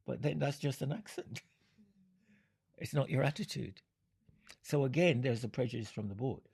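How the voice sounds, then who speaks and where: An older man from Jamaica, speaking in an interview, unhurried and fond of analogies, often breaking into laughter. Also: medium pitch, vocal fry, darkish tone, slightly rough. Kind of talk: reflective storytelling.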